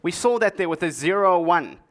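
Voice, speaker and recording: A man's voice: sits high, expressive, a little fast, fairly bright tone. A man giving a tech conference talk to an audience, with a dry, joking delivery full of sarcastic asides. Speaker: conference speaker. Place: conference stage before an audience.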